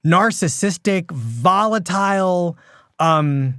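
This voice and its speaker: Expressive, high-voiced male podcast host. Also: smooth, dry recording, clean studio sound. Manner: expressive, playful, quick asides, many fillers. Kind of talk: casual interview conversation.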